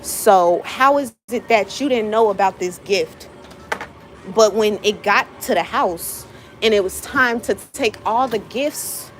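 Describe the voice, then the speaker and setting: A woman's voice: on the high side, poor audio. A woman vlogger venting emotionally to her viewers in a hurt, rambling way. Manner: hurt, rambling, frequent fillers.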